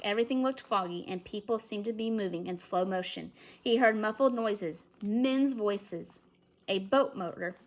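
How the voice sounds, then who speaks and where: A woman teacher reading a children's novel aloud with expressive narration. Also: fairly high pitch.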